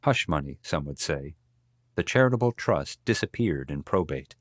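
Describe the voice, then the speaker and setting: A man narrating a biography audiobook in a measured, steady storytelling manner, recorded close in a studio. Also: very deep voice, no echo. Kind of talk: scripted narration.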